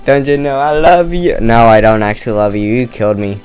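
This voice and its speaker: Man, tired, rambling let's-play chatter, smooth clean voice, swears, self-mocking. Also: medium pitch, lively intonation, a little fast, hardly any pauses, a little mellow, soft background music. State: tired, no caffeine. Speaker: gamer playing a murder mystery game. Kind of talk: casual let's-play commentary.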